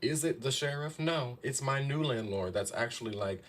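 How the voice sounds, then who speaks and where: A man's voice: mid-range voice, moderate pace. A man in his thirties giving casual astrology advice on a live stream, talking to viewers in a chatty way and often checking in with "okay?". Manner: chatty, keeps saying "okay?" and "y'all". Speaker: astrology and tarot reader.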